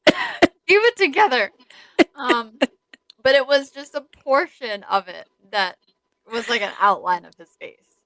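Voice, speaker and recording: A woman's voice: fairly high pitch, lively intonation, a little slow, pushed and bright, no echo, rough recording. A young woman co-hosting a podcast, chatting casually with a rambling, giggly manner and many fillers. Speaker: podcast co-host. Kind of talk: casual chat.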